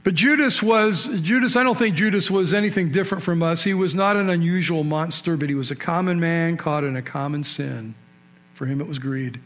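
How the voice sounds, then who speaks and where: A man preaching a sermon in a conversational storytelling way, asking his listeners questions and rising sharply in pitch and volume to stress key points. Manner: storytelling, with sudden rises in pitch and loudness for emphasis. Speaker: pastor.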